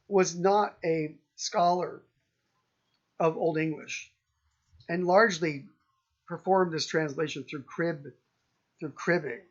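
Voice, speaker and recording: Slow, halting male lecturer. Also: on the high side, dull audio. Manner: halting, many ums and restarts, slow and thoughtful. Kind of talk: university lecture.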